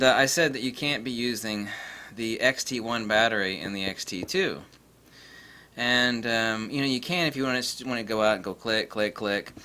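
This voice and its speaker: Bright, forceful-voiced man for a rambling, cocky vlog rant. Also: medium pitch, clean tone. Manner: rambling, boastful, laughing, many fillers. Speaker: camera vlogger. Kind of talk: casual rant to camera.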